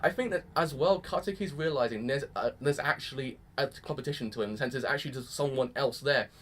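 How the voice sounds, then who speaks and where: A young man giving a casual reaction review of an anime episode, gushing and excitable, with mild swearing sprinkled through his talk. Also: medium pitch, brisk.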